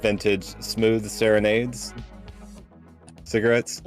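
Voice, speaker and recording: A man at a tabletop game, describing what his character does in a laid-back, joking way. He talks very slowly in a lowish voice, with faint music behind. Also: little pitch movement. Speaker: player. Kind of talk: tabletop role-play.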